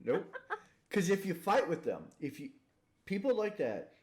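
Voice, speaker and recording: A man co-hosting a casual comedy chat, joking and acting out voices with deadpan punchlines. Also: high-pitched, moderate pace. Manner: jokey, acts out silly voices, deadpan punchlines. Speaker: podcast co-host.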